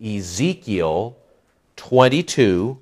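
A man's voice: on the low side, extremely slow. Guy preaching a sermon, voice jumps all over the place, throws questions at the crowd. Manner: animated preaching with rhetorical questions. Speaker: pastor.

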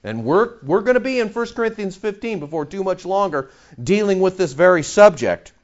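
A man's voice: high voice, sing-song, a little fast. A man preaching an expository sermon, emphatic and full of rhetorical questions. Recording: dull lo-fi recording.

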